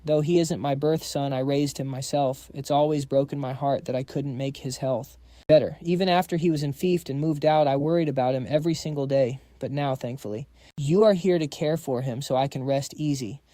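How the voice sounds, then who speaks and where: A man reading the lines of a gentle middle-aged empress who cares for her stepson, with soft, reassuring speech. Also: medium pitch, steady tone, a little fast, no echo, studio quality, natural voice.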